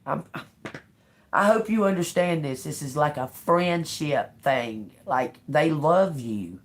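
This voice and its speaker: A woman's voice: deep voice, expressive, slow pace. A woman giving a live-streamed tarot reading, emotional and blunt, swearing freely. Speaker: tarot reader.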